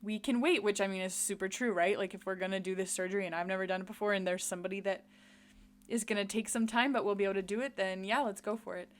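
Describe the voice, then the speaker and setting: A woman co-hosting a podcast, retelling a TV episode in a chatty, animated way and laughing easily. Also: mid-range voice, fast talker. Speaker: podcast co-host. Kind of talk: casual chat recapping a TV episode.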